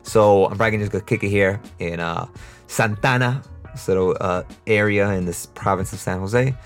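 A man's voice: lowish voice, moderate pace, soft background music. A young man with a New York accent, hosting a casual solo podcast and talking in a rambling, off-the-cuff way with frequent laughs. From United States, New York. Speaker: podcast host.

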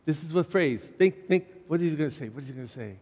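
A middle-aged male pastor preaches a sermon in a church, his voice on the high side, expressive and darkish, moving at a quick pace. He repeats phrases for emphasis and asks the congregation rhetorical questions, with a long reverb filling the recording.

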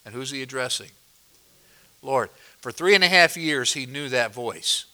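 A pastor preaching a sermon, explaining a passage verse by verse and asking the congregation questions, moving between loud emphasis and quiet asides. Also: male voice, mid-range voice, measured pace, pauses often. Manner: expository, asks the congregation questions.

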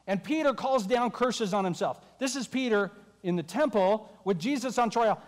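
A high-voiced man preaching to a congregation, his words ringing with the long reverb of a large hall. He tells the story in an animated way, slipping into the voices of the people in it. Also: moderate pace, few pauses. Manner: animated, acting out the disciples' voices. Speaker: pastor. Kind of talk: sermon.

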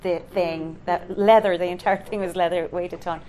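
An Irish woman, middle-aged, telling an animated story as a guest in a live interview, full of fillers and acted-out voices. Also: fairly low pitch, a little fast, slight background noise. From Ireland. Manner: animated, acts out quoted voices, many fillers. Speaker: conductor and composer, guest.

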